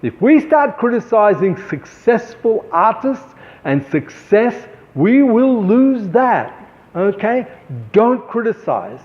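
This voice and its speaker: A man's voice: high voice, big pitch swings, slow. A man giving artists a motivational talk, earnest and preachy, repeating his points for emphasis. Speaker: artist and show host. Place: gallery. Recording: dull sound with long hall reverb.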